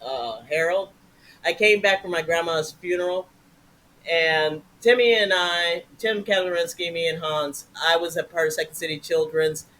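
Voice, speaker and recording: An older woman, a guest improviser, telling animated stories in a casual interview and swearing freely. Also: lowish voice, moderate pace, rough recording.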